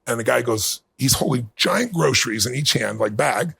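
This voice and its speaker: A middle-aged man being interviewed, telling a personal story in earnest and building to bursts of excitement. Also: medium pitch, normal speed. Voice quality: gravelly, husky. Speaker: guest.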